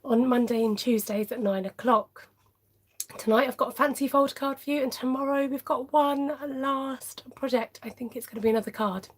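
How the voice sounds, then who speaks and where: Woman, craft live-streamer, breathy and a touch high, chatty and welcoming. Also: fairly even intonation, moderate pace. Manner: friendly, chatty, greets viewers by name, laughs often. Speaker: papercraft demonstrator hosting a live stream.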